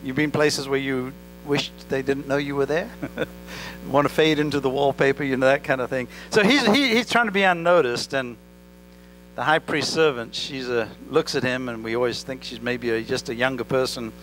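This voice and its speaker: A pastor with an accent preaching a sermon in church, talking directly to the congregation and asking them questions. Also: male voice, mid-range voice, normal speed, fairly bright tone, low-quality recording. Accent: non-native English accent. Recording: faint mains hum. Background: mains hum.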